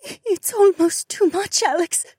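A man's voice: very high voice, steady tone, a little mellow, dry recording, studio quality, pitched above the performer's own voice. A male audiobook narrator voicing a young woman in pain who speaks in a shaky, entranced way. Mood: pained, cryptic. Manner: whimpering, shaky and slow.

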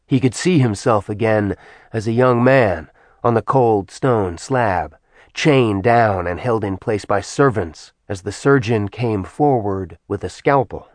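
A man's voice: lowish voice, slow pace, no room sound. Man narrating a dramatic audiobook. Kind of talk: scripted narration.

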